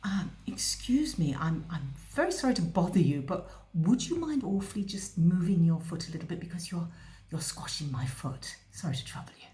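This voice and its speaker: A woman's voice: on the low side, sing-song, normal speed, mellow. A woman acting out a timid, overly polite commuter who apologises hesitantly. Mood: apologetic. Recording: echoey room.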